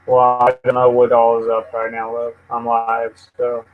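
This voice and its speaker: A man's voice: mid-range voice, monotone, moderate pace, narrow, tinny audio, a little hiss or hum. A man hosting a casual live news stream, swearing and venting at his computer as he rambles. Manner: profane, easily frustrated, rambling. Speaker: livestream host.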